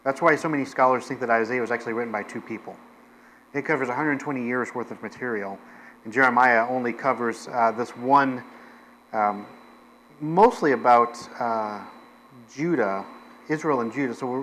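A man's voice: mid-range voice, moderate pace, fairly bright tone, a little hiss or hum, rough recording. A man preaching a sermon as pastor, in a conversational way with frequent fillers, restarts and self-deprecating asides.

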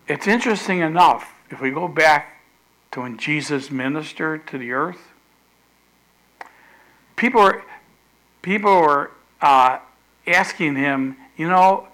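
A middle-aged male pastor preaching a sermon, animated, repeating phrases and loudly acting out the quotes he tells. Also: on the high side, measured pace, poor audio.

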